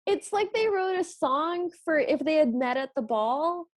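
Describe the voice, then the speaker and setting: A woman's voice: high-pitched, expressive, measured pace. A woman co-hosting a podcast, chatting casually as she recaps a film and acts out lines from it. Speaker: podcast co-host. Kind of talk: casual movie recap chat.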